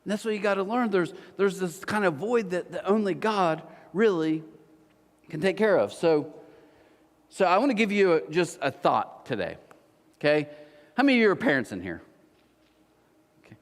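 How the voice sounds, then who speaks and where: A man's voice: sits high, expressive, moderate pace, pauses often. A man preaching a sermon to his congregation, telling jokey stories and teasing the people listening. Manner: joking storyteller, teasing the congregation. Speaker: pastor. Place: large church auditorium. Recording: long hall reverb.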